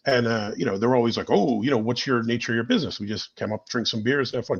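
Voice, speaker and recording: A man's voice: mid-range voice, lively intonation, fast, dull audio. A man co-hosting a live beer stream, chatting casually with jokey asides. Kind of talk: casual chat.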